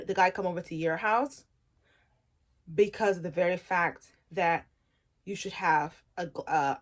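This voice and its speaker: A woman in her twenties giving frank, slangy advice in a casual vlog chat, often laughing at her own jokes. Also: on the low side. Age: 20s. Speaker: vlogger.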